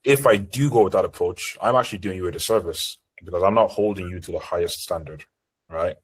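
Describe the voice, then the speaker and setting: A man with a deep, slightly rough voice teaches sales in a live seminar over an online group call, speaking a little fast. He coaches in a direct, assertive way, captured on a low-quality recording.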